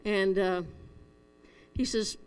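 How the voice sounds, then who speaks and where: A woman's voice: mid-range voice, fairly even intonation, slow, clean tone. Earnest woman preaching in an echoey hall. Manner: earnest, storytelling, chuckles at herself. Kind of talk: conversational sermon.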